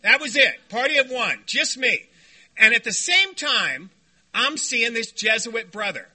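A man telling a personal story at a recovery meeting, animated and self-deprecating, often laughing. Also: very high voice, a little slow.

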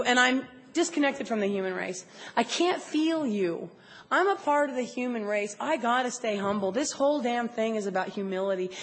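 A woman's voice: a little high, big-room sound, low-quality recording. A woman giving a candid, emphatic and self-mocking personal talk at a recovery meeting. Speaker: speaker sharing at a recovery meeting.

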